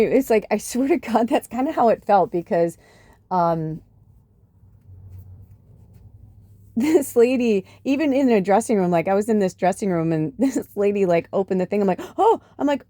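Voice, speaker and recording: A woman's voice: fairly low pitch, moderate pace, warm tone, no echo. Woman, middle-aged, podcast host, casual storytelling, frequent swearing, dry close recording. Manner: chatty, swears often, acts out quotes. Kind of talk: casual chat.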